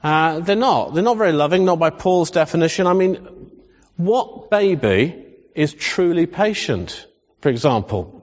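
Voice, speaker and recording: Preaching with humor and a chatty style, a pastor keeps putting questions to his congregation. His fairly high voice has lively intonation, a measured pace, and a darkish tone, set in a long hall reverb with slightly dull sound.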